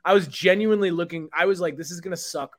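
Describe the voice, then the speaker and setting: Talking at a quick pace in a high-pitched voice, a man co-hosts a podcast, ranting animatedly in casual chat. He swears a lot.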